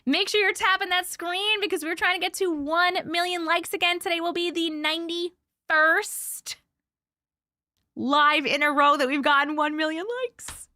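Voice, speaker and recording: A woman's voice: very high-pitched, steady tone, moderate pace, pushed and bright, no echo. A woman hosting a casual livestream, chatting and greeting viewers by name in a bubbly way. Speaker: livestream host. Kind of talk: casual livestream chat reading comments.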